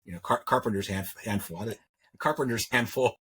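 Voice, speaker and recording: With a fairly low, slightly rough voice that's a bit bright, this middle-aged man talks quickly. He's a jewelry maker and metalsmith being interviewed, and his story rambles casually as he repeats words and acts out what others told him.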